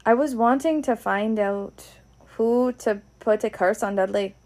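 A woman's voice: fairly high pitch, measured pace, darkish tone. A woman with a Scottish accent voicing an anxious, curious young boy wizard, earnest and questioning. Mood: gloomy.

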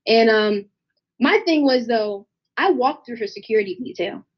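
Animated young woman telling a story. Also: on the high side, moderate pace, breathy edge. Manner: animated, acts out voices in her anecdotes. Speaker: guest artist. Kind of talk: casual storytelling interview. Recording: dull lo-fi sound.

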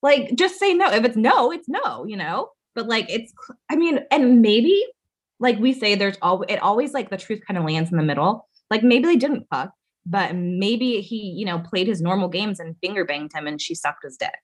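A woman's voice: mid-range voice, expressive, moderate pace. A young woman co-hosting a podcast, chatting frankly and wryly about a reality show. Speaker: podcast co-host.

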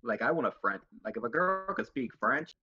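A man in a casual podcast chat, teasing the others and asking quick questions. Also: medium pitch, very animated, bright, forceful tone, husky, faint music behind. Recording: dull lo-fi mic.

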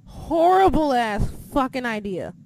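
A woman's voice: high-pitched, very animated, unhurried, darkish tone, slight background noise. A woman co-hosting a casual wrestling podcast, blunt and heavily profane as she rants about the show and her critics. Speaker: podcast co-host.

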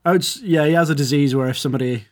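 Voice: mid-range voice, racing, slight background noise. A podcast co-host in casual chat, making wry, teasing jokes about an anime.

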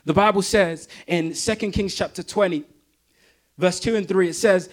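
A man's voice: high-pitched, moderate pace. A man preaching a sermon in an emphatic, repetitive way that builds intensity.

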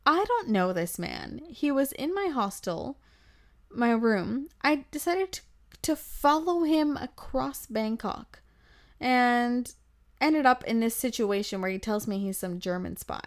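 A woman in her twenties who hosts a podcast, telling a travel story in a lively, breathless way and acting out the quotes. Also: fairly high pitch, unhurried. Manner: animated, breathless, acts out quotes. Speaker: podcast host. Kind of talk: casual storytelling.

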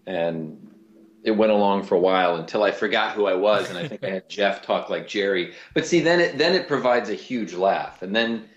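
A man, a voice actor and comedian, telling stories in a casual interview with lively restarts. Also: fairly low pitch, normal speed, reverberant, highs cut off. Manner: animated storyteller, lots of restarts.

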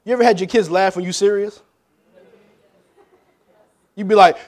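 Man, pastor, high voice, sermon, loud jokes and hushed questions. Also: expressive, a little fast, long pauses.

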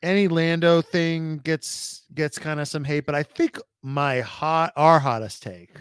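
A man's voice: fairly high pitch, fairly even intonation, measured pace, smooth, no echo, clean studio sound. A man talking as a podcast guest in a casual chat, loose and rambling with many restarts.

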